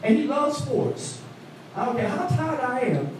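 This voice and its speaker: A man preaching an animated call-and-response sermon, recorded from a distance in a church. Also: measured pace, a little hiss or hum. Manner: animated call-and-response preaching, voice swooping high for quoted women. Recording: echoey hall, mic from afar.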